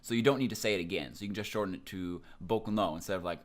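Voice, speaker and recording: A young man with a fairly low voice walks through Japanese grammar in a relaxed, loose way, sprinkling in ums and likes as he explains. He sounds like a casual online language teacher. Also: rapid-fire.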